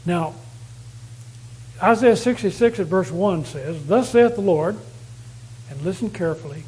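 High-voiced man preaching emphatically. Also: lively intonation, measured pace, long pauses, poor audio. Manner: emphatic, repeats key phrases for stress; reads verses aloud louder and more declaiming. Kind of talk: sermon with scripture reading.

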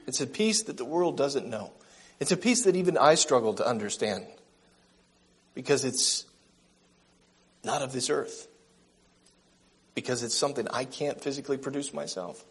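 A man preaching a gentle, earnest sermon, slowing down for emphasis and reading a story aloud. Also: mid-range voice, expressive, breathy edge.

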